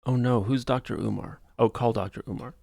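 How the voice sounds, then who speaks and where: A man's voice: mid-range voice, fairly even intonation, brisk, vocal fry, crowd noise. A young man hosting a casual livestream podcast, rambling and laughing often. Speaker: podcast host.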